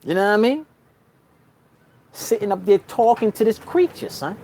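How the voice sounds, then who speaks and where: Animated slangy New York man. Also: moderate pace, a little hiss or hum. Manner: slangy, calls the listener son and bruh; swings between loud outbursts and low murmurs. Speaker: spiritual vlogger. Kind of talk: casual storytelling monologue.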